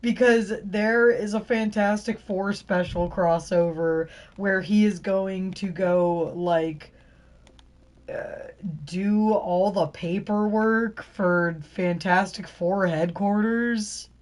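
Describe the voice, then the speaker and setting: A woman's voice: medium pitch, steady tone, darkish tone. Laughing, swearing woman in casual chat. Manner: swears freely, laughs often, quick retellings. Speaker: podcast host.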